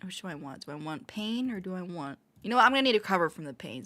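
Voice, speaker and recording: A woman's voice: fairly low pitch, animated, fast talker, hardly any pauses, pushed and bright. A woman livestreaming casual chat, rambling and often laughing, with frequent self-interruptions.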